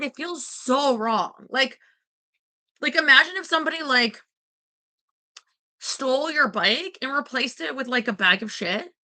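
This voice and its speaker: A woman's voice: high-pitched, bright, forceful tone. A woman venting in a casual vlog, indignant and profane, rambling with restarts. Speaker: vlogger.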